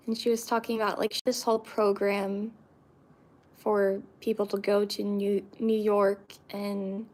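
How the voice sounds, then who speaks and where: A woman's voice: medium pitch, a little mellow. A young woman from Florida chatting casually to her viewers, rambling with lots of fillers and restarts. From Central Florida, US. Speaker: vlogger. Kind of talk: casual chat to camera.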